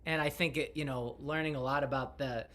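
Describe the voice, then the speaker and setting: A man speaking as a guest in a casual video chat, soft and enthusiastic, searching for his words. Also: mid-range voice, steady tone, a little fast.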